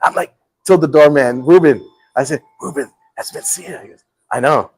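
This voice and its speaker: A middle-aged man hosting a casual talk show tells an animated story, acting out the quotes with laughs. His voice is fairly high and husky, and he keeps a moderate pace. The recording is rough.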